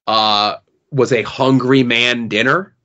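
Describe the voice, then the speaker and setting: A man's voice: medium pitch, slow pace, highs cut off. A middle-aged man hosting a podcast, chatting loosely and sometimes stammering. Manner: relaxed, loose, a bit stammering. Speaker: podcast host. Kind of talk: casual chat.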